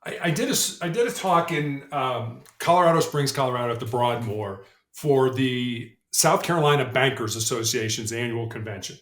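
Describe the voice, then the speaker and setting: A man's voice: mid-range voice, moderate pace, few pauses, a bit bright. A middle-aged man, a motivational speaker and guest on a podcast, telling stories in an earnest way and often repeating words as he starts a sentence. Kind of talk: conversational storytelling interview. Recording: roomy echo.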